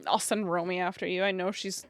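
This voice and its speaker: A woman's voice: fairly low pitch, little pitch movement, brisk, no room sound, studio quality. A woman streamer chatting casually with her viewers, swearing freely and laughing often.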